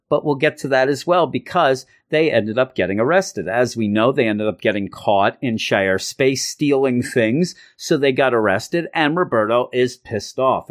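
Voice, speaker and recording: A man casually recapping a comic story with a conversational, rambling, amused delivery. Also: mid-range voice. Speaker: comic book reviewer.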